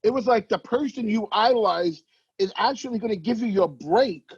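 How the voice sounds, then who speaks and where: Casting: husky, higher-pitched New man, brash animated raconteur, dry dull recording. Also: moderate pace, no room sound. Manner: animated, swearing, acts out voices in anecdotes. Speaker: actor guest. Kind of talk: casual storytelling interview. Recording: dull muffled sound, dry.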